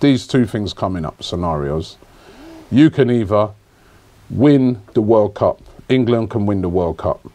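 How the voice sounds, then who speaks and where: A man's voice: lowish voice, expressive, unhurried, dark tone. A man hosting a casual podcast chat, teasing his guest, laughing and repeating points to needle him. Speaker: podcast host.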